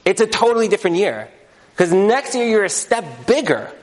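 A man delivers a sermon with an animated, storytelling delivery, his voice sitting high and swinging widely in pitch. He acts out the voices of the people in his stories. Long reverb from the hall trails after his words. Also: normal speed. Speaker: rabbi.

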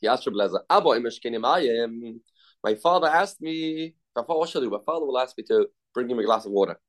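A man's voice: medium pitch, expressive, quick pace. A man giving a Talmud class. He reads each passage aloud, then explains it in a conversational way. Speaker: Talmud teacher.

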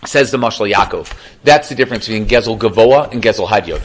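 A man giving a Torah class as a rabbi, telling stories with animated asides. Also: lowish voice. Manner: animated storytelling, quick asides. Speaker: rabbi lecturer.

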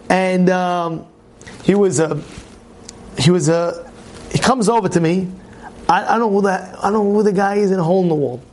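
A man teaching a Torah class and telling a personal story, animated, often repeating words and restarting. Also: high voice.

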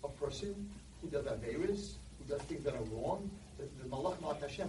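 Animated man preaching in echoey hall. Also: a little high, brisk, far from the mic, background noise. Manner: animated, storytelling. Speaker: speaker addressing boys. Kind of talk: sermon.

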